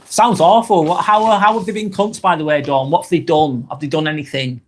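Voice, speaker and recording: A man's voice: a little high, fairly even intonation, fairly quick, a little hiss or hum. A British man hosting a live vlog, chatting casually and reading out viewer comments, rambling onto tangents and swearing freely. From Britain.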